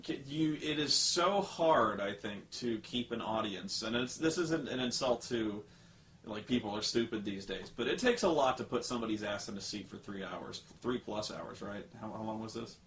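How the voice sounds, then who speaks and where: A man's voice: fairly low pitch, moderate pace, fairly bright tone, slight background noise. A man hosting a casual movie review chat, joking and swearing, acting out scenes in sarcastic put-on voices. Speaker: vlog host.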